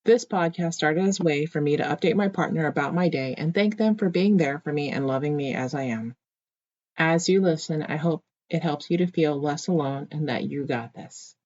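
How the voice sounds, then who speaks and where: A scripted podcast intro read slowly and evenly in a welcoming way. The recording sounds dull and lo-fi, and the pitch stays in the middle. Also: darkish tone.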